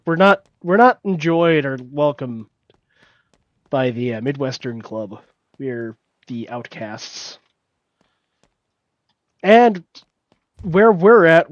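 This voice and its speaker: A man's voice: medium pitch, dry recording. A man from Illinois teasing and joking through a casual gaming chat, on a dull lo-fi mic. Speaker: co-host gamer.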